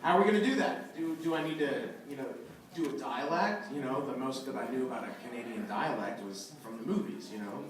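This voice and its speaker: Animated man telling a story in an echoey hall. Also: medium pitch, a little fast, crowd noise. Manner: animated anecdotal, acts out quotes. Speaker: convention panel guest voice actor. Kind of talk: live panel storytelling. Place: large convention hall. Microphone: phone camera from the audience. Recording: echoey hall from far off, phone audio.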